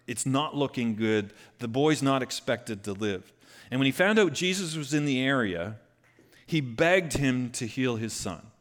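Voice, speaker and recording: A man preaching a conversational sermon, retelling a scripture story with lively bursts. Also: mid-range voice, unhurried. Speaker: pastor.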